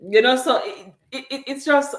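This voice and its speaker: A woman with a high voice speaks at normal speed in an echoey room, chatting casually on a livestream about raising her kids. She came to Canada from abroad and shares her parenting experiences earnestly and emphatically, repeating her key points.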